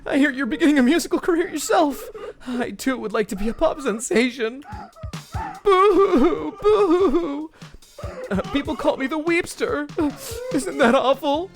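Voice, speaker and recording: Brief: a man playing a weepy, melodramatic murderer-popstar, high and sobbing, louder than his own voice. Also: animated, a little slow, soft background music, full character voice. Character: weeping self-pitying male killer pop singer. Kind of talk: game character voice while streaming.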